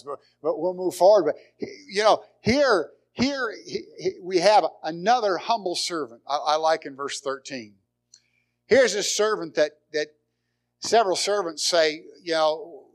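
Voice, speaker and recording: Animated preacher man, higher voice. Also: normal speed. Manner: dynamic delivery, swinging from loud emphasis to near whispers; repeats words and restarts phrases. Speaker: pastor. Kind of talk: sermon.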